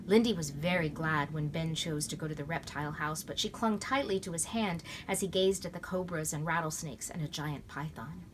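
A woman reading a children's novel aloud at home, in a lively, expressive way. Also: low-pitched, moderate pace, few pauses, slight background noise. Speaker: storybook reader. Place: at home in bed.

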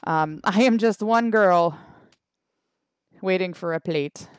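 A woman's voice: on the low side, takes it slowly, clear, resonant tone, no echo, clean studio sound. A Canadian woman streaming a mobile game, chatting casually and wryly with her chat, trailing off with fillers. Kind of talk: casual livestream chat reading the chat.

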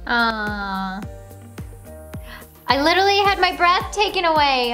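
A woman's voice: sits high, animated, takes it slowly, long pauses, pushed and bright, soft background music. A woman casually reacting to her own video, gushing and bubbly, often gasping and laughing.

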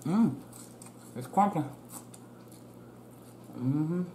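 A woman's voice: deep voice, lively intonation, extremely slow, mellow. A middle-aged woman chatting folksily with her viewers while eating lunch on camera, casual eating-show talk. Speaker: mukbang vlogger. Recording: echoey room with faint background hum.

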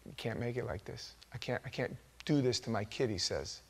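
A male pastor delivering a sermon in a church. He preaches with lively storytelling, dropping to a quiet, conversational tone and then bursting out loud when he acts out the people he quotes. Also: mid-range voice, brisk. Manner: animated storytelling, acting out quoted voices with sudden loud outbursts. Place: church sanctuary.

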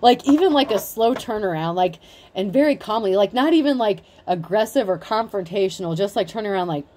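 Casual woman tarot reader, blunt and chatty, warm mellow tone. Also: mid-range voice, expressive, brisk. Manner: chatty, blunt, swears freely, says like a lot. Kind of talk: casual tarot reading monologue.

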